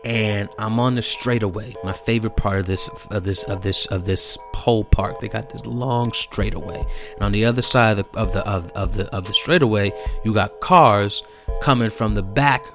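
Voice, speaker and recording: A young man telling a story casually, animated and profane, repeating himself and growing heated. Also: lowish voice, normal speed, over music.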